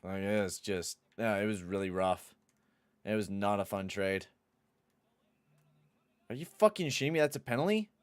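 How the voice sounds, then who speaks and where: Young male streamer, lowish smooth voice, dry close sound, excitable and profane. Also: normal speed, pauses often, no room sound. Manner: excitable, swears, shouts at the game. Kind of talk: live gameplay commentary and chat.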